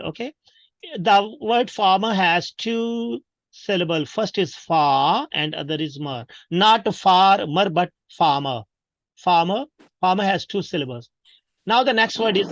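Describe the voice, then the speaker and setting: A man's voice: high-pitched, dry recording. A man with a Pakistani English accent, teaching pronunciation in an online workshop and drilling words for the class to repeat. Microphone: video call.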